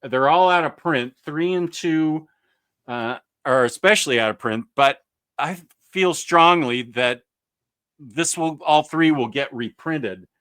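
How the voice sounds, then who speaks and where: A man's voice: a little high, measured pace, a bit bright, smooth, no echo. A man hosting a casual comics chat, enthusiastic and rambling, with lots of fillers and restarts. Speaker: comics podcast host.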